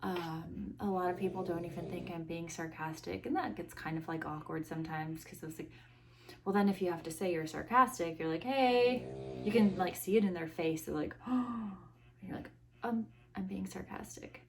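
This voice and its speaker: A woman's voice: fairly low pitch, fairly quick, music in the background. A young woman hosting her own podcast, rambling in a casual chatty way with dry, self-mocking sarcasm, recorded on a phone. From United States. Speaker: podcast host. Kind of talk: casual solo chat. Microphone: iPhone.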